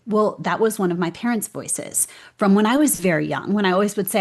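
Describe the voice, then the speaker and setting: A woman speaking as an interview guest, telling stories in an earnest, animated way. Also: medium pitch, fairly quick, few pauses. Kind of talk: conversational interview.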